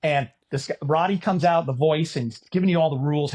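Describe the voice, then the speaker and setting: A middle-aged man from California on a podcast, telling a story in casual chat and getting loud at the punchlines. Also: on the high side, fast talker, hardly any pauses, slightly rough. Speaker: podcast co-host.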